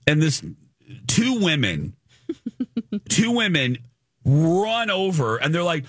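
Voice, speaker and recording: Male podcast co-host, chatty storyteller, lively pitch, dry booth sound. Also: slow, husky, dry recording. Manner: animated, acts out quoted voices. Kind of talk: casual storytelling chat.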